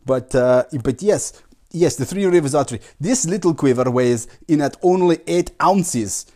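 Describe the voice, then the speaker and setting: A man's voice: fairly high pitch, animated, mellow, close to an everyday voice. Man doing a pompous foreign archery champion. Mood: grandly formal. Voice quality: congested nasal voice. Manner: halting, searching for words, mock foreign phrasing.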